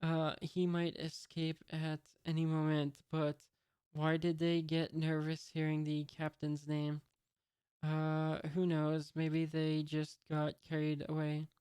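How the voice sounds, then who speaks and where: A man reading a timid young sailor's lines aloud in his own slow, even voice with fillers. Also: a little high, smooth, no room sound. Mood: nervous. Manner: flat read-aloud delivery with fillers. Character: timid young male aspiring sailor, nervous.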